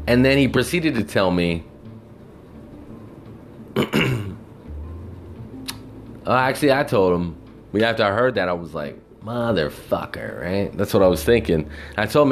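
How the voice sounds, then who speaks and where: A low-pitched man rants through a storytime about work, his voice swinging widely as he gets worked up. He swears constantly and slips into the voices of the people he is quoting, sounding exasperated throughout. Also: a little slow, pauses often, slight background noise. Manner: animated, mimics people in quotes. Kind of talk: casual storytime rant.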